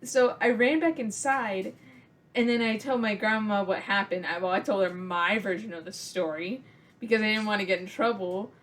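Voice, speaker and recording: A young woman tells a story for her vlog in a loose, rambling way. Her speech is full of "like" fillers and restarts, and her voice sits at an ordinary middle pitch. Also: normal speed, fairly bright tone. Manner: rambling, filler-heavy with many likes. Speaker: vlogger.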